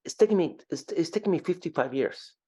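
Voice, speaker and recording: An Ecuadorian man in his fifties, speaking with an Ecuadorian Spanish accent, recounts his story as an interview guest, animated and often repeating words. His voice sits on the high side, quick-paced with a breathy edge.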